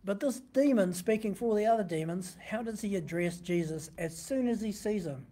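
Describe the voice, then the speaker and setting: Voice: mid-range voice, lively intonation, moderate pace, dark tone. A pastor giving a sermon, teaching conversationally from a printed text and often asking the listeners rhetorical questions.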